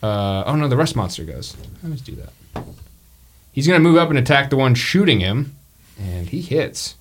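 Brief: man game master, loose and joking, lively pitch. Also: moderate pace, slight background noise. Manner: loose, joking, full of fillers. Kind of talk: narrating a tabletop game.

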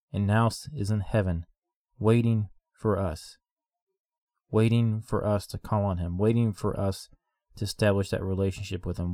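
Low-voiced man preaching a sermon. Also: dark tone, no room sound, clean studio sound. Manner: repetitive, rhythmic preaching cadence.

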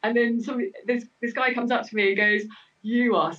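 A woman's voice: a little high, level tone, fairly quick, fairly bright tone. A Cornish woman researcher talks with plenty of ums and restarts, laughing easily. She sounds a bit far from the mic, and the audio is dull and muffled. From Cornwall. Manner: hesitant, many fillers, laughs easily. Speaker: academic researcher. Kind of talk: casual podcast conversation.

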